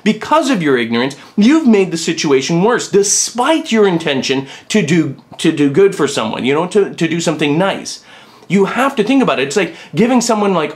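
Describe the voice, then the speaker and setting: A man's voice: on the high side, big pitch swings, normal speed. A middle-aged man with three sons, hosting a blunt, opinionated monologue vlog and ranting about people who lack social sense. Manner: blunt, ranting, mocks others in put-on voices. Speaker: vlog host.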